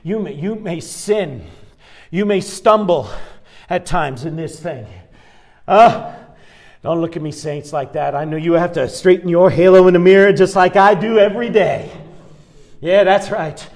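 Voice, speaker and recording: A pastor delivers his sermon in a high, light male voice. He talks to the congregation like a neighbor, breaking off for asides and small laughs before pressing his point. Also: unhurried, pauses often, a little mellow. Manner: conversational preaching with laughs and asides.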